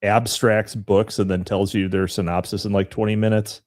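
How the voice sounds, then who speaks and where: A man's voice: fairly low pitch, flat delivery, normal speed, darkish tone. A man chatting as a podcast guest, rambling with many fillers. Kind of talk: casual podcast chat.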